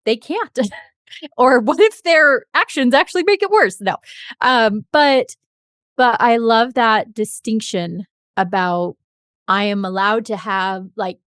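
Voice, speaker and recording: A woman's voice: a little high, slow pace, fairly bright tone, no room sound, studio quality. Encouraging woman interview host. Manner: responsive, encouraging, frequent affirmations. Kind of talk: interview conversation.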